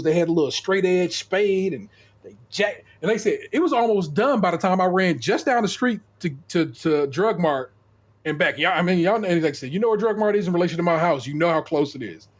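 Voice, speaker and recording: A middle-aged man on a podcast, casually telling a profane story and acting out the people in it. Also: high-pitched. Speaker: podcast co-host.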